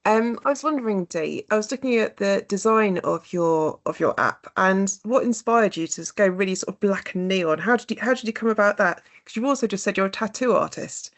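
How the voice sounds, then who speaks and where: A woman's voice: mid-range voice, a little fast, few pauses. A woman joining a session online to ask a question, hesitant and repeating herself. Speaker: online participant asking a question. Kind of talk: question from the audience.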